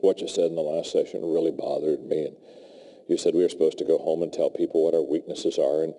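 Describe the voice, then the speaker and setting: A man voicing a secretive middle-aged male executive who lectures in a low, hushed tone. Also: steady tone, quick pace. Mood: hushed lecturing. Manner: confidential, preachy. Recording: long hall reverb.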